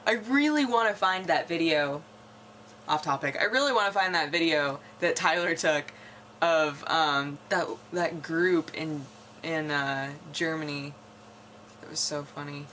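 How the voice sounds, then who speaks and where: A young woman from North America talks casually to her camera, drifting between thoughts and laughing often. Her voice sits low yet sounds bright and forward. She trails off and restarts as she muses aloud. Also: unhurried, slight background noise. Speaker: vlogger.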